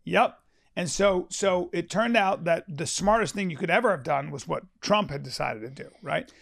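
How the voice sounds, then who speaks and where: A man with a high-pitched voice holds forth in a casual podcast chat. He is emphatic and profane, often stumbling over his sentence starts, and acts out other people's words as he talks. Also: normal speed, creaky, fairly bright tone. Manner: emphatic, profane, frequent restarts, acts out quotes.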